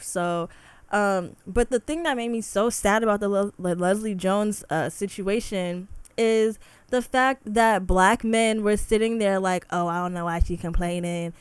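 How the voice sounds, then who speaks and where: A woman's voice: medium pitch, clear, resonant tone, no room sound. A young woman hosting a solo podcast, talking in an impassioned, heated way full of "like" fillers. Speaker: podcast host. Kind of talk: casual solo podcast rant.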